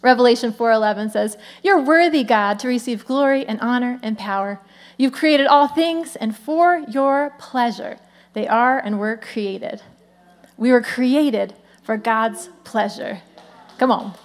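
A woman pastor in her thirties preaching in a friendly, conversational way. Her voice sits a little high, and she keeps the congregation engaged with quick asides. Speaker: lead pastor. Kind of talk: sermon.

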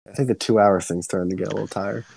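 A young man co-hosting a podcast, ranting excitedly and swearing a lot in casual chat. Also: rapid-fire, vocal fry, breathy edge. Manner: excitable ranting, heavy swearing, swings up high when worked up. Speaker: podcast co-host.

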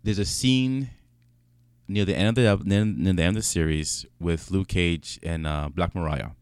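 A low-voiced man of Jamaican descent in a relaxed podcast chat, voice pitched a little under the usual. He talks with animation, restarting and repeating phrases, on a dry, close mic with no room sound. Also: normal speed, clean tone, no room sound. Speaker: podcast co-host. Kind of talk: casual chat.

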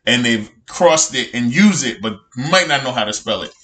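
A man co-hosting a casual group podcast, loud and joking, swearing freely and laughing often. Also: medium pitch, lively intonation, moderate pace. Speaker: podcast co-host.

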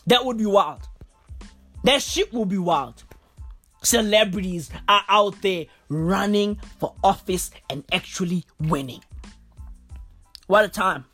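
A woman's voice: medium pitch, slow, long pauses, a bit bright, soft background music. A woman hosting a podcast from a recording booth, with a stuffy, blocked nose, ranting in a profane, rambling, slangy way. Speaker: podcast host. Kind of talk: comedic rant.

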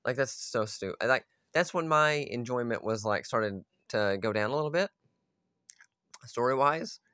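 A man's voice: medium pitch, fairly bright tone, no echo, studio quality. A man ranting casually about a video game story, profane and exasperated. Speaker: gaming video host. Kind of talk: casual rant.

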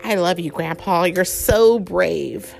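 A woman voicing an eager young bear cub in a storybook, raising her voice high and sounding excited. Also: slow pace, vocal fry, faint music behind, exaggerated voice.

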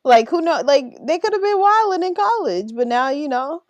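A woman's voice: sits high, big pitch swings, moderate pace, no room sound. A woman chatting on a podcast, talking playfully and expressively, laughing a lot. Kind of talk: casual podcast chat.

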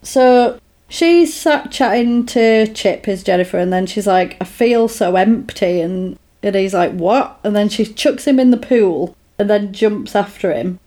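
A woman in casual chat, animatedly retelling a film's plot and putting on quick voices for the characters. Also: mid-range voice, dark tone. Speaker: podcast co-host recapping a film.

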